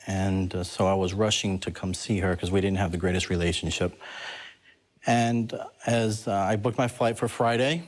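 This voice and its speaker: A man with a fairly low voice tells a personal story as a talk show guest. He talks in an animated way, breaking into laughter as the story builds.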